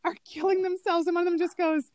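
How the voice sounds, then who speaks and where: A woman's voice: very high voice, flat delivery, fast, a little mellow. A woman co-hosting a casual film chat, animatedly retelling favorite scenes. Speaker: podcast co-host.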